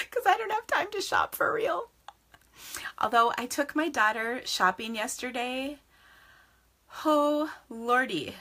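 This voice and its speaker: Bright-voiced chatty woman host. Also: high voice, lively intonation, takes it slowly. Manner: chatty, greets viewers by name, laughs often. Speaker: craft business host. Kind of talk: casual live-stream chat with viewers.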